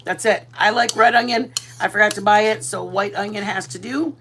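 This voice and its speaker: A woman's voice: mid-range voice, fairly even intonation, a little fast, creaky, fairly bright tone, slight background noise. A woman from Texas chatting casually while she cooks on a livestream, laughing often and mixing in Spanish words. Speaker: vlogger. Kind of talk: casual cooking livestream chat.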